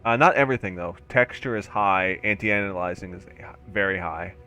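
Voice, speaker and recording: A man chatting casually with friends while playing an online game, easygoing and quick to laugh. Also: sits low, pushed and bright, soft background music. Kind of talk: casual gaming chat.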